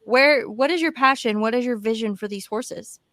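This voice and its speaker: A woman's voice: fairly high pitch, normal speed, fairly bright tone, no room sound. Encouraging woman podcast host, dry sound. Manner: encouraging, affirming listener. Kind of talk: casual interview chat.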